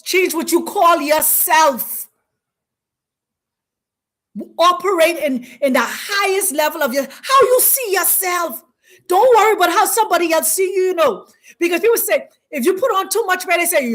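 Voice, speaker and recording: A woman hosting a spiritual teaching talk, speaking in an emphatic, preacherly way with repeated, drawn-out phrases. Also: very high-pitched, lively intonation, fairly bright tone. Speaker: host.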